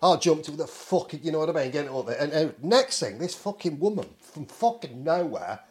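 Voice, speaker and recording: A man's voice: a little high, lively intonation, a little fast. A middle-aged man from England telling a story in casual chat, swearing a lot and acting out the people in it. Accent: English. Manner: swears constantly, acts out the people in his story. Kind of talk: casual anecdote.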